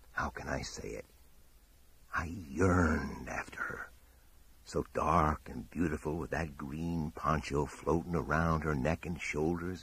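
A man reading a horror audiobook in a measured, dramatic storytelling manner. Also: a bass voice, breathy edge. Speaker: audiobook narrator. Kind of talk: scripted horror narration.

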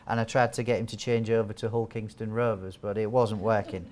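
A man's voice: on the low side, steady tone, fairly quick, a little mellow. A man giving a training talk to nurses as a wound care trainer, chatty and joking, quizzing the audience. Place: training hall with a live audience.

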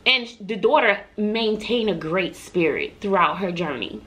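A middle-aged woman from Texas talks straight to her viewers in a chatty, heartfelt vlog. Her voice sits at an ordinary middle pitch, and she sounds earnest and a little emotional as she shares encouraging stories. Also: animated, a little slow, hardly any pauses, fairly bright tone. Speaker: vlogger. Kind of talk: heartfelt motivational storytelling.

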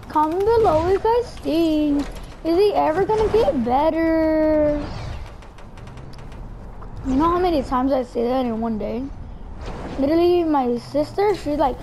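A high-pitched woman narrates her gameplay live. She is chatty and excitable, reacts loudly to finds and threats, and keeps talking straight to her viewers. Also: measured pace, long pauses, a little hiss or hum. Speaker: gameplay commentator.

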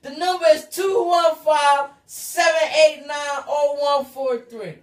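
A woman with a Philadelphia accent hosting a live call-in talk show, loud and hyped, shouting to her callers. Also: high voice, fairly even intonation, slow, roomy sound. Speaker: radio talk show host.

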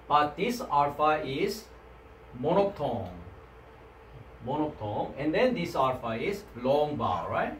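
A Korean-accented man teaches a Greek language class in non-native English, regularly checking in with students by asking "right?" His voice is fairly high and bright. The lecture is recorded from a distance in an echoey room with faint background noise.

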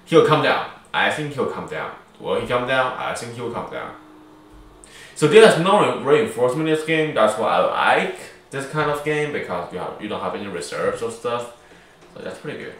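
A man's voice: mid-range voice, sing-song, normal speed, a bit bright. A man giving casual, rambling let's-play commentary, joking and correcting himself, recorded on a mic far from him. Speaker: gaming YouTuber. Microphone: far from the speaker. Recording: very echoey, distant mic, faint noise.

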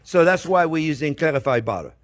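A faint sizzling pan and slight background noise accompany this male chef, whose somewhat high voice has lively intonation and a brisk pace. Hosting a cooking demo in his kitchen, he chats and jokes, calling viewers his friends.

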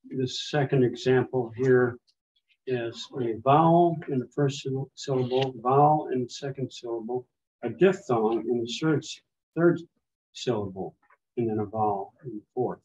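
A man's voice: mid-range voice, a little mellow, a little hiss or hum. A man leading a small class in biblical Greek, patiently explaining and pronouncing words for students to repeat. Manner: patient, explains with fillers and restarts. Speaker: Greek teacher. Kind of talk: classroom teaching. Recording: dull lo-fi classroom recording.

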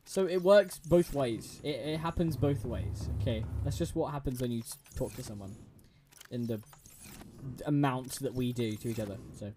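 A man's voice: mid-range voice, moderate pace, warm tone, slight background noise. A young man streaming a game, chatting to a friend, giggling and stumbling over restarts. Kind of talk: casual gameplay chat with a friend.

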